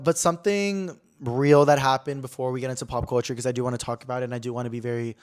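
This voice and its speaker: A man's voice: medium pitch, smooth. A young man hosting a podcast, chatting casually and telling a story, swearing often and acting out the people he quotes. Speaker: podcast host. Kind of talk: casual chat. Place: apartment room.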